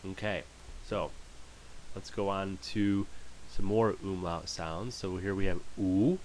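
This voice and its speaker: Deep voiced guy slowly teaching german vowels over slides, says every word twice, light hiss. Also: steady tone, darkish tone. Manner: slow, patient, repeats words for practice. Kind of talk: screen-share language lesson.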